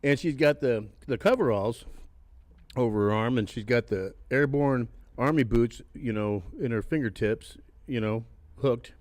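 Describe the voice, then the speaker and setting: Guy in his 60s telling old stories on a podcast, cusses a lot, laughs, dry close sound, mid pitch. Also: a little slow, a little mellow, dry recording. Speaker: podcast guest. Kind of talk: casual storytelling. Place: haunted attraction venue.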